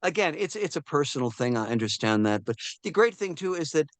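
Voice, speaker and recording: Fairly quick and on the high side, this man's voice comes through a dry recording. He's a film historian in his seventies giving a casual interview, animatedly telling stories, acting out quoted voices, and often restarting with fillers.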